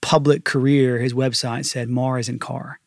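A man's voice: mid-range voice, level tone, normal speed, creaky, no room sound, studio quality. A man hosting a podcast, chatting casually in a joking, talkative way. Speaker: podcast host.

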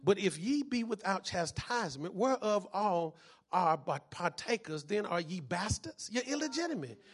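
A male pastor preaching a sermon, reading scripture and calling out questions for the congregation to answer, rising to shouts at times. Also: high-pitched, big pitch swings, breathy edge. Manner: reads scripture slowly, then builds to shouted preaching; call-and-response, asks congregation "what?".

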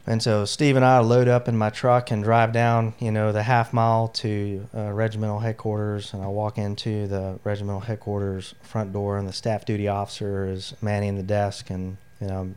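A man's voice: lowish voice, monotone, moderate pace, hardly any pauses, a little mellow, clean tone. A middle-aged man, an army veteran, telling his personal story in an interview, candid and emotional, with lots of "you know" fillers. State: near tears.

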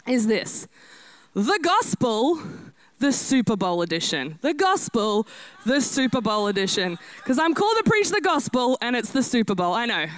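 Energetic woman preacher, bright and clear. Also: a little high, no echo. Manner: lively, self-deprecating, animated preaching. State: out of breath. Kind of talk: energetic sermon.

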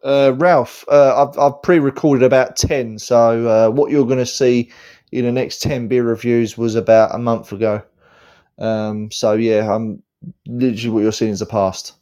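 A man's voice: medium pitch, moderate pace, dull audio. A man hosting a casual chat, swearing constantly and telling stories with energy. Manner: swears constantly, animated storytelling. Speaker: host.

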